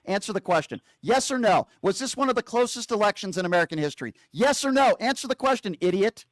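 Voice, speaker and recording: Male call-in host, high pitch, dry close mic; combative, insulting, badgering. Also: expressive, fast talker, no room sound. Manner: berating, insulting, interrupting; repeats questions insistently.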